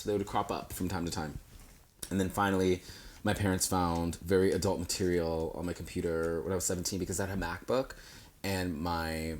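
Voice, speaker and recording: A young man chatting casually as a guest, telling stories with flamboyant, sassy flair. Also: sits low. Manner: flamboyant, animated storytelling with sassy asides. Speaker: guest, actor. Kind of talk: casual chat.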